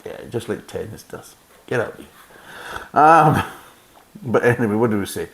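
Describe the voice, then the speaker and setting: A man's voice: on the low side, animated, measured pace, gravelly, pauses often, fairly bright tone. A Scottish man reviewing a beer in casual chat, sarcastic and blunt, reading the label aloud and mocking it. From Scotland.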